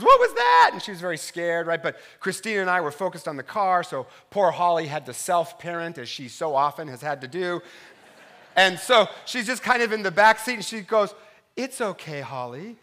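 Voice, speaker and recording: A middle-aged man, a pastor, preaching a sermon full of personal stories, swinging from loud punchlines to soft, quiet reflection. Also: high voice. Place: church sanctuary.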